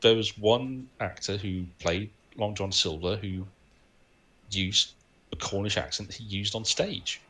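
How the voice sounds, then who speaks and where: A man's voice: lowish voice, steady tone, measured pace, a bit bright. A man co-hosting a film podcast, sharing film trivia in a casual, anecdotal way. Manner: knowledgeable, anecdotal, laughs often. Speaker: podcast co-host.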